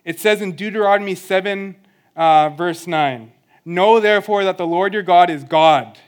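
A man's voice: high-pitched, moderate pace, clear, resonant tone. A young man giving an earnest, conversational sermon with self-deprecating humor. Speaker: church speaker.

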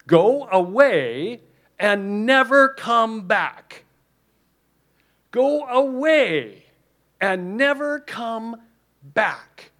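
A man putting on the voice of Smeagol from a film, pleading shrilly and loudly with his inner demon. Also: very high voice, expressive, very slow, pauses often, pitched above the performer's own voice, full character voice. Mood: desperate.

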